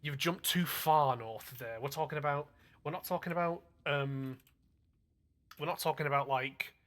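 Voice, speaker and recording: Streaming a game, this Northwest English man keeps up casual chat at a normal speed, his voice sitting a little high with a slightly bright quality. He explains things through loose, rambling tangents full of filler words.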